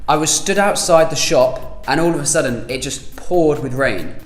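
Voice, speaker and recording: A man with a British accent giving an online pronunciation lesson, repeating example phrases slowly for emphasis. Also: on the high side, echoey room, faint music behind. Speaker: language teacher.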